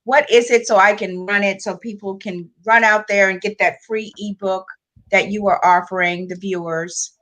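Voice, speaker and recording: A woman's voice: mid-range voice, fairly even intonation, moderate pace, fairly bright tone. A woman hosting an interview, mostly giving brief encouraging interjections and asking the guest questions. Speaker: host. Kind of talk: talk show interview.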